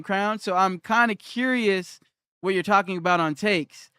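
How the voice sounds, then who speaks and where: A man's voice: high-pitched, measured pace, sharp tone, clean tone, no echo, clean studio sound. A young man on a live stream who argues with his chat, repeats his challenge and reads their comments aloud.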